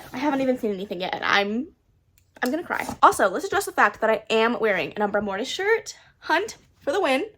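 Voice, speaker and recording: Gushing excited young woman vlogger. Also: high voice, background noise. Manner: gushing, breathless excitement with laughs and gasps. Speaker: book vlogger. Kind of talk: casual excited vlog.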